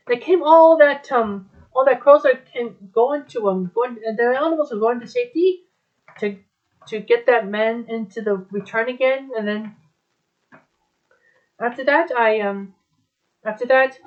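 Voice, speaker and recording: A woman retelling a story aloud in a rambling, halting way, with many restarts. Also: fairly high pitch. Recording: dull lo-fi recording.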